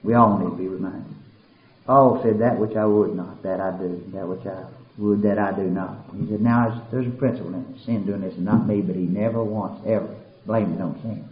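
A man preaching a sermon, dropping to a hush and then building to shouted, climbing peaks. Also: fairly even intonation, brisk. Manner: swings from hushed and low to soaring shouted peaks. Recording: roomy, dull lo-fi recording.

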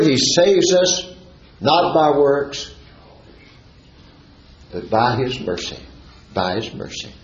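This sermon comes from a man with a mid-range, slightly mellow voice. He reads scripture aloud and works through it verse by verse, breaking into fervent, sing-song exclamations, all captured in a dull, echoey church recording.

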